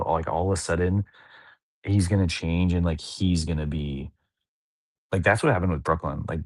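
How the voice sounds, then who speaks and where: Low-voiced dad rambling casually. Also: male voice, a little mellow, no echo. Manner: rambling, heavy use of "like" fillers. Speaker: podcast co-host, father. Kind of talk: casual chat.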